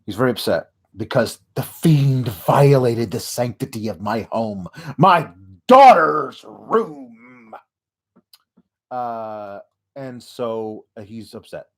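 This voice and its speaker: A man with a mid-range, expressive voice hosts a comedic wrestling recap show. He rants sarcastically and rambles, halting often with fillers.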